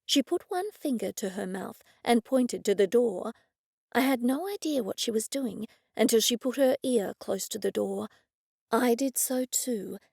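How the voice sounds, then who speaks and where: A woman narrating an audiobook in a steady, even storytelling manner. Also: a little high, gravelly, dry recording, studio quality. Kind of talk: scripted narration.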